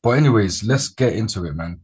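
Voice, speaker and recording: A man hosting a casual wrestling chat, relaxed and rambling, with slangy sounding talk. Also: on the low side, a little fast, breathy edge. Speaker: podcast host.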